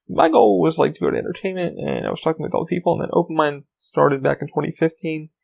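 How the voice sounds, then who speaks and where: Casual male podcast host, slightly high, gravelly voice, rambling and profane. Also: poor audio. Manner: rambling, swears freely, frequent ums. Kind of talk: casual solo podcast chat.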